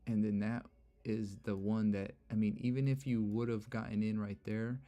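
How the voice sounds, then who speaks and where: A young man with a lowish, dark voice and a level tone hosts a casual trading livestream at normal speed. He chats loosely while explaining charts, repeating himself and saying "look" and "bro" a lot.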